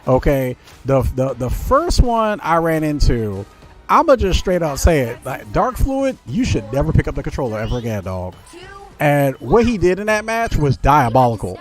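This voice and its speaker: A man's voice: fairly high pitch, sing-song, normal speed. A man hosting his gaming channel, ranting with indignation about teammates and mocking them in quoted voices. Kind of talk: ranting gameplay commentary. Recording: music playing behind voice.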